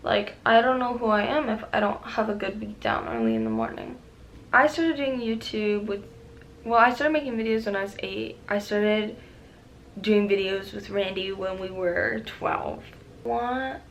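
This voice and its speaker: A young woman rambling casually in a makeup vlog, profane and excitable with lots of fillers, recorded on a camera mic at home. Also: mid-range voice, unhurried, vocal fry, slight background noise. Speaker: beauty vlogger.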